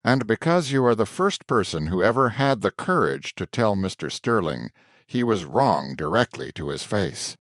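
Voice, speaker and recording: A man's voice: lowish voice, no echo, clean studio sound. A man doing a poised, shrewd woman assistant. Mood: measured, earnest. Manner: calm, measured, warning in a hushed tone.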